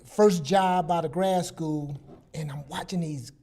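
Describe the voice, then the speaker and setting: A man in his sixties telling personal stories on a talk show, animated and casual, acting out quoted dialogue. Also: on the high side, a little slow. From Southern US. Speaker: guest psychologist.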